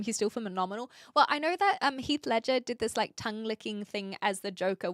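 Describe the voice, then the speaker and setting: A woman's voice: mid-range voice, fairly bright tone, dry recording, clean studio sound. A woman, chatting casually on a livestream and reading chat aloud, with frequent ums and restarts. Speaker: streamer.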